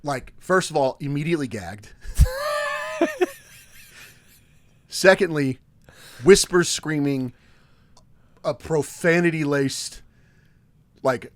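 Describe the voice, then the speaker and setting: A man's voice: on the high side, extremely slow, pauses often, dry recording. Dry-sounding laughing male storyteller. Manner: animated storyteller, laughs often mid-sentence. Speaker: podcast co-host. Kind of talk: casual podcast chat.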